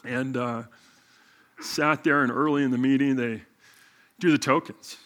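Animated storytelling pastor, bright voice. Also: male voice, mid-range voice, unhurried. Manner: animated, self-mocking storyteller. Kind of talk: sermon storytelling.

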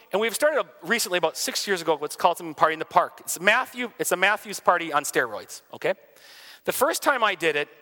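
This is a pastor with a bright, slightly high voice. He tells stories in an animated way, rising and falling between loud and quiet. The sound carries a long, reverberant tail. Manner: animated storyteller, swings loud and soft. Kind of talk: storytelling in a conversation.

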